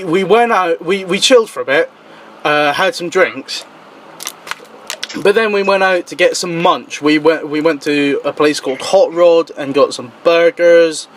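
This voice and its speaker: A young man telling a party story in casual chat, animated and swearing, his voice jumping high when he quotes himself. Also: a little hiss or hum. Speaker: guest.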